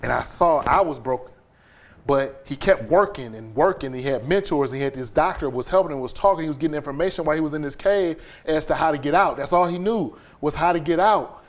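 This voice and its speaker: A man, a podcast guest, telling an emotional personal story in an animated way, acting out scenes with quoted voices and sound effects. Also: on the high side, a little fast.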